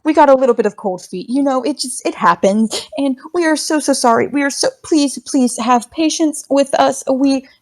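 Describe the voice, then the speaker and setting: A woman's voice: sits high, normal speed, hardly any pauses, voice pushed up. A woman voicing a nervous, apologetic young ghost performer who stammers and pleads. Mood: pleading.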